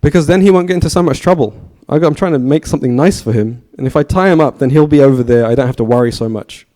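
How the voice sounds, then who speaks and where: A man's voice: mid-range voice, fast talker, dark tone, lightly acted. A man voicing an exasperated mother who is determined to teach her mischievous little boy a lesson. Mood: scheming. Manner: fed-up, determined scolding.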